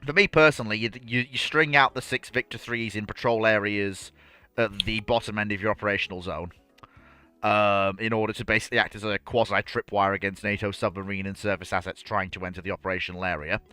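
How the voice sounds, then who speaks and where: A man co-hosting a casual podcast, talking in an animated, joking way. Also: on the low side, fairly quick, clear, resonant tone, no room sound, soft background music. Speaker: podcast co-host. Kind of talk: casual chat.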